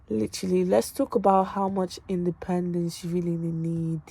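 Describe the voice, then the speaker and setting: A woman's voice: on the low side, flat delivery, normal speed, vocal fry, dark tone, breathy edge. Emphatic young woman vlogging. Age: late teens. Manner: emphatic and repetitive, calls viewers babes and girl. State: tired from revision. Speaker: student vlogger. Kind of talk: casual direct-to-camera chat. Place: her bedroom at home.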